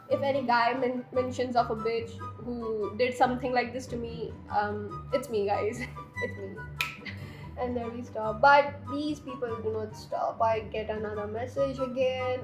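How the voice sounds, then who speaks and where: A young woman, telling a storytime while doing her makeup, exasperated and laughing as she swears and rants. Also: fairly high pitch. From India. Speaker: beauty vlogger. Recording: echoey room with faint background music.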